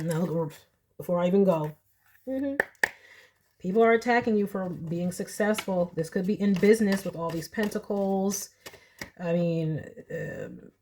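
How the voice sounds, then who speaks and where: Young woman doing a tarot reading, chatty, animated, laughs a lot. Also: on the low side, breathy edge. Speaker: tarot reader. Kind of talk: casual pick-a-card tarot reading.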